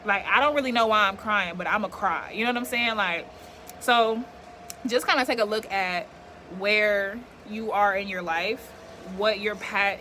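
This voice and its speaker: This is a young woman vlogging outside, talking reflectively and rambling to camera with many filler words while yard work goes on nearby. She speaks at a normal speed in a mid-range, sharp-toned voice, and a little background noise can be heard.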